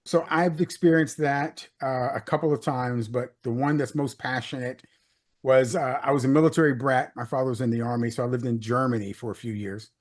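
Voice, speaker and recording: A middle-aged American leadership consultant, a guest telling a personal story in a casual interview, with many "uh"s and "you know"s. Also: male voice, mid-range voice, fairly even intonation, brisk. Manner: anecdotal, repeats words, many "uh" and "you know".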